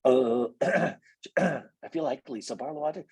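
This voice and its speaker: A man's voice: moderate pace, slightly rough. A man hosting a podcast in a casual recap, talking with a voice worn from hours of chatting. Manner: animated, jumps into high mocking voices for quotes. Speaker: podcast host. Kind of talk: casual recap with acted quotes.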